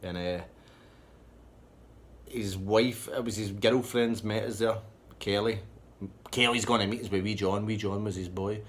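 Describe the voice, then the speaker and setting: A Scottish man with a Scottish accent telling a sweary, rambling comic anecdote in a deadpan way. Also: on the low side, measured pace. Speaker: storyteller.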